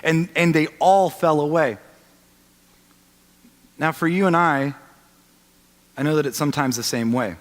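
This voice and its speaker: A man in his thirties preaching a sermon as a pastor, telling the story and swinging from loud to hushed. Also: a little high, unhurried, pauses often. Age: 30s. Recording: long reverb of a large hall.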